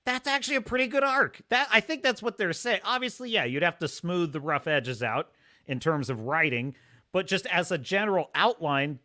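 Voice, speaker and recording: A man hosting a live stream, reading viewer comments and ranting in an animated, laughing way. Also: sits high, normal speed. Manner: animated, ranting, laughs often, mocks pronunciations. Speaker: host.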